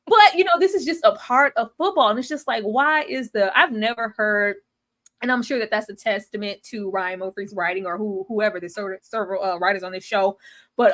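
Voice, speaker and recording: A woman with a fairly high voice chats casually as a TV series reviewer. She talks animatedly and slips into different voices to act out quotes from the show. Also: animated, brisk, a bit bright.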